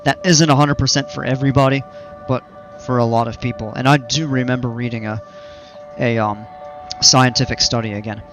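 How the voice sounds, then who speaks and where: With faint music in the background, this man plays a park-building game on stream and chats loosely with his audience, drifting into long, rambling explanations. He speaks fairly quickly in a mid-range, slightly bright voice with fairly even intonation.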